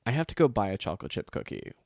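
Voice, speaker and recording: A man's voice: on the low side, rapid-fire, vocal fry, no echo, clean studio sound. A man co-hosting a casual chat, telling stories with acted-out quotes and plenty of swearing. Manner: animated storytelling, swears freely, acts out quotes.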